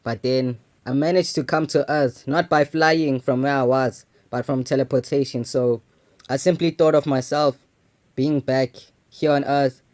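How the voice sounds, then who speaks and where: This young adult channel host speaks a little slowly in a steady, darkish mid-range voice as he tells a personal story. He stays loose and slangy, filling things out with casual asides and "you know what I'm saying."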